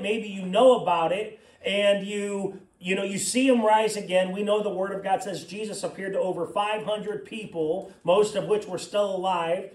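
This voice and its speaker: A man's voice: high voice, darkish tone. A man preaching a sermon as pastor, in a conversational way with personal asides, in a church. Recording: echoey room, mic at a distance.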